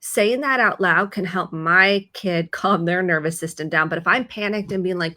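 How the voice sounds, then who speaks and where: Calm, reassuring woman therapist. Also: lowish voice. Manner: calm, reassuring, slows down when coaching. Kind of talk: conversational advice talk.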